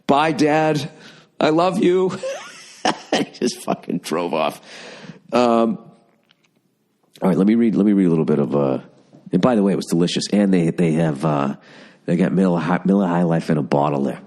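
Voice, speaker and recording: Deep voiced guy on his podcast just rambling and cursing, super casual. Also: fairly quick, pauses often, mellow. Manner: rambling, profane storytelling. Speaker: podcast host. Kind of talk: casual chat.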